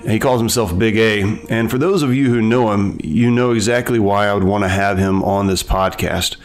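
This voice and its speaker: A man from Tennessee hosting a podcast, talking in an earnest, conversational way. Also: fairly low pitch. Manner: earnest, conversational, with small restarts. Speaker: podcast host. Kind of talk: casual interview.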